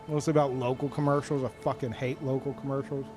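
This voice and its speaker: A man streaming live in casual chat, ranting in an animated and profane way. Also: medium pitch, fast, over music.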